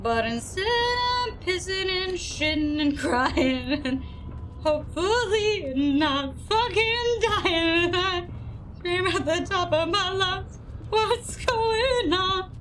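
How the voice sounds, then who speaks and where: A woman's voice: extremely high pitch, animated, slow pace, fairly bright tone, slight background noise, rough recording. A woman commentating live on a horror game, crude and self-mocking, stressed, breaking into silly made-up songs. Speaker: streamer playing a horror game.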